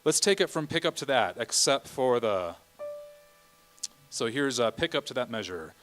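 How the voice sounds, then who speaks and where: A man's voice: medium pitch, very animated, moderate pace, over music, poor audio. Man leading a choir rehearsal. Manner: conducting, counting beats and singing phrases. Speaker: choir director. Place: church rehearsal room.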